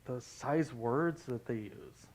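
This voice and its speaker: A pastor leading a Bible study, talking in a conversational way and telling anecdotes. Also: male voice, medium pitch, slow, rough recording.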